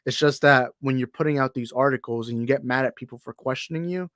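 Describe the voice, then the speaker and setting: A young man talks on a podcast with a mid-pitched voice, rambling and getting heated as he goes. His sentences keep restarting and doubling back. The sound is dry and close. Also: quick pace, a bit bright, dry recording. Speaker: podcast co-host. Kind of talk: casual chat.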